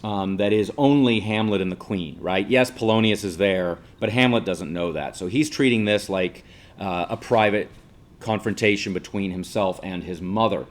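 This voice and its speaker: A man's voice: on the low side, normal speed. A male teacher giving a casual classroom lecture, explaining patiently and checking in with listeners by asking 'right?'.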